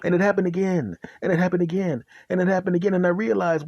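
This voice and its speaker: Podcast guy spinning a funny yarn, kinda gravelly, dry close mic. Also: high voice, fast, few pauses, no echo. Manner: animated, laughing, self-deprecating. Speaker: podcast host. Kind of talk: comedic storytelling.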